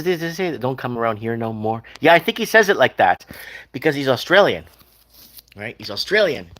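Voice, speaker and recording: A man's voice: on the low side, fairly bright tone. A man hosting a casual livestream, chatting loosely and reading viewer comments aloud.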